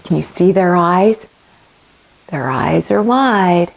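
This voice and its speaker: Woman, kids' yoga teacher, slow and very animated storybook reader. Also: on the low side, creaky, poor audio. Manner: animated, asks children questions. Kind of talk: reading a picture book aloud to children.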